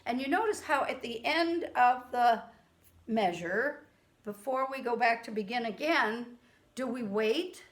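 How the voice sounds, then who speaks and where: Her voice on the high side with lively intonation, a woman leads a children's music lesson over a camera from a room with a keyboard. She chants and counts rhythm syllables patiently and slowly, picked up by the camera mic.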